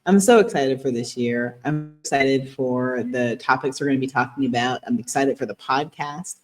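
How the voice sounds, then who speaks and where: A woman's voice: extremely low pitch, normal speed, soft background music. Earnest, giggly woman therapist co-host. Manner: earnest and explanatory, breaks into giggles. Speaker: podcast co-host and relationship therapist. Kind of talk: casual podcast chat.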